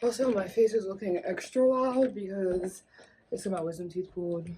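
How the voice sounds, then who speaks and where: A woman's voice: mid-range voice, steady tone, normal speed, noisy background. A young woman vlogging casually as a mother of twins, sore-mouthed and out of breath. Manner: baby talk to the children. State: sore mouth after wisdom teeth, out of breath. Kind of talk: casual vlog talk.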